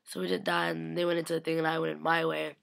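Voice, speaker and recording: Gushing young woman with gravelly fry. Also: low-pitched, monotone, rapid-fire. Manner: gushing, rambling with constant "like"; acts out quotes in shifting voices. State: slightly sick. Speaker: vlogger. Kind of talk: casual recap of a fan convention.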